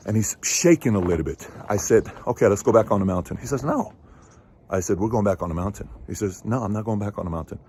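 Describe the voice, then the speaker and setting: A man in his thirties, a show host, telling a personal story to camera in a casual, emphatic way with sudden loud peaks. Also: sits low, slight background noise.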